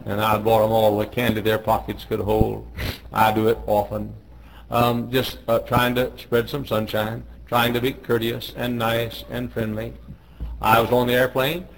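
A man's voice: medium pitch, level tone, measured pace, vocal fry, a little hiss or hum, rough recording. A middle-aged man, a pastor, telling joking stories in a folksy way on a radio devotional. He raises his voice when he quotes people.

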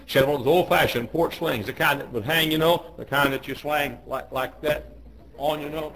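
A man preaching a sermon, telling a story in a folksy way, clearing his throat and restarting often. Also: on the high side, normal speed, fairly bright tone, rough recording. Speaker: pastor.

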